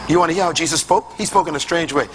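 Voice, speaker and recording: A man's voice: fairly high pitch, rapid-fire, background noise. A man preaching a sermon to a congregation, emphatic and rhythmic in his delivery and loose and colloquial in his phrasing.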